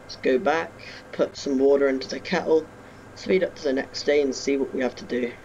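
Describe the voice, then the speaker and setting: A man's voice: mid-range voice, steady tone, fairly quick, a little mellow, dull audio, a little hiss or hum. A young man giving casual commentary while playing a farming game at home, chatting to viewers with self-mocking asides. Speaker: gaming YouTuber. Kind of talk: casual let's-play commentary. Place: home bedroom.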